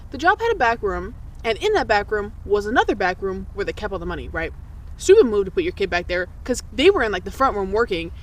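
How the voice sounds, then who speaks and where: A young woman co-hosting a podcast, telling childhood stories in casual chat, swearing freely and jumping up in pitch when she quotes people. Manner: swearing, laughing, jumps high for quoted voices. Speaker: podcast co-host.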